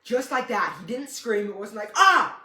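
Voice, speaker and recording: A man's voice: high voice, normal speed, a bit bright. A young man casually telling a story, rambling and correcting himself, with a dry, joking humor. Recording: echoey room.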